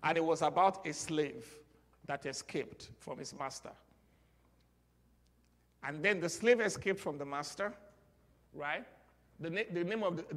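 A man with a Nigerian accent preaching a sermon, leading call-and-response and building to loud exclamations. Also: on the high side. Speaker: pastor. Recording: long hall reverb.

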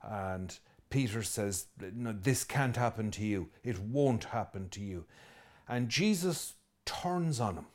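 Irish priest preaching a lively sermon. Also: male voice, on the low side, slow pace. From Ireland. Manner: lively and conversational, with asides and jokes; emphatic, repeating key phrases.

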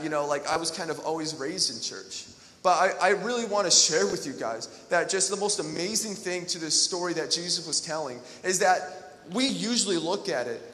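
A young man delivers a sermon in a high, bright voice that rings through a large, echoey hall. He talks in a loose, conversational way, doubling back on his phrases, then leans hard into emphatic lines. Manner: conversational, repeats phrases, builds to emphatic peaks. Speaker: preacher. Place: large hall with long reverb.

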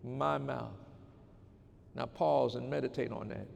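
A male pastor preaching a sermon, slow and emphatic, repeating key phrases and building to fervent exhortation. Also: medium pitch, steady tone, vocal fry, slight background noise. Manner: rising to loud, fervent exhortation. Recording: long hall reverb.

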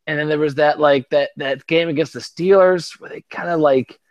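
A man's voice: a little high, moderate pace, muffled recording. A tipsy man co-hosting a sports chat, rambling, profane, full of stammered restarts. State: tipsy from drinking. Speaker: podcast co-host.

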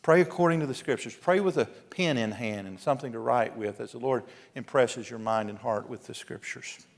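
A man, a pastor preaching an earnest, exhorting sermon with emphatic pauses. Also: mid-range voice, vocal fry. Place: church sanctuary. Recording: long hall reverb.

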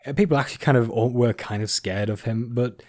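A man's voice: medium pitch, fast talker, darkish tone, no room sound, studio quality. A man hosting a casual podcast chat, explaining at length with frequent fillers and restarts. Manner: rambling, many fillers and restarts. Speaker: podcast host.

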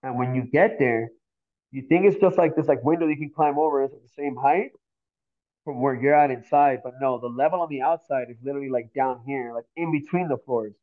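A man's voice: medium pitch, fairly quick. Profane, slangy man telling a story over tinny audio. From Miami, Florida. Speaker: podcast guest, graffiti artist. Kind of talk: casual storytelling.

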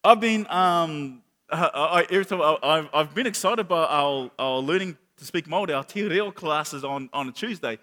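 A pastor preaches in an animated way, often repeating words as he tells a story. His voice sits high for a man. The sound carries a long hall reverb. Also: normal speed. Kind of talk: sermon.

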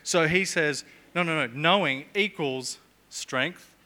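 A man's voice: fairly high pitch, slow pace, sharp tone. A middle-aged man preaching a sermon in a church, chatty and jokey, with humorous asides.

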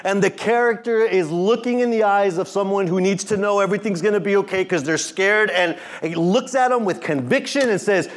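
A middle-aged man, a pastor, preaching a sermon in an animated way, acting out quotes and joking with the congregation. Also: high voice.

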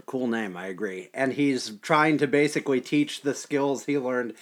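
A man's voice: medium pitch, normal speed. Man, casual podcast chat, wry, self-mocking storyteller. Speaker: podcast co-host.

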